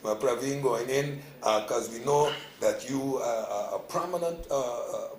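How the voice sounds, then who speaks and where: A man's voice: medium pitch, background noise. A man co-hosting a live talk show, chiming in playfully and asking for simpler explanations. The room around him sounds echoey. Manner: playful, interjects and asks to slow down.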